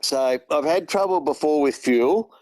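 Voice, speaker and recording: A man's voice: fairly high pitch, measured pace, darkish tone, no echo, rough recording. A man with an Australian accent, a truck driver and regular guest, telling long rambling anecdotes in casual chat and retelling what others said. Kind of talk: casual phone-in storytelling.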